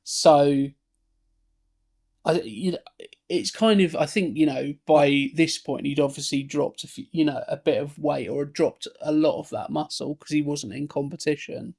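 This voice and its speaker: A man's voice: on the high side, measured pace, gravelly, darkish tone. A man co-hosting a podcast, talking casually about films with lots of fillers and restarts. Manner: rambling, many fillers and restarts. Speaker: podcast co-host. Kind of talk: casual film discussion.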